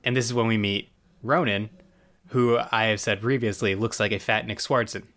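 A man's voice: lowish voice, steady tone, normal speed, fairly bright tone. A man in casual podcast chat, loosely retelling a TV episode with restarts and asides. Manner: loose, rambling storyteller with restarts. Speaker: podcast co-host.

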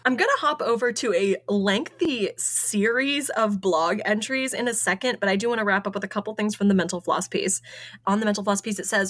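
A woman's voice: medium pitch, quick pace, fairly bright tone. A woman hosting a podcast in casual chat, an enthusiastic and giggly storyteller. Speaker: podcast host.

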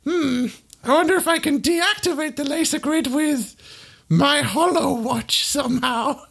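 A woman playing a tabletop game, talking in a playful, drawn-out way. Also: sits high, gravelly. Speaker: player.

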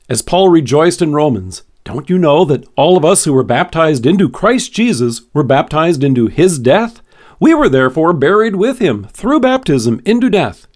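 A man hosting a devotional podcast, reading a scripted devotion with expressive, varied emphasis. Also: a little high.

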